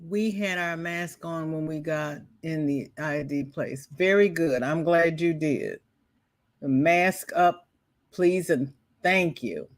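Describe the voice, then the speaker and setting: A woman's voice: sits low, lively intonation, slow. A woman hosting a crochet livestream, chatting casually and greeting viewers by name, with folksy exclamations.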